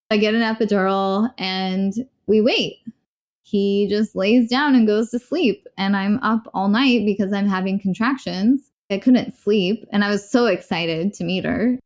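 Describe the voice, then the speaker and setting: Woman, interviewee, candid storytelling, quick frank delivery, mid-pitched voice. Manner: rapid, frank, rueful, with short laughs. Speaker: interviewee recounting a personal experience.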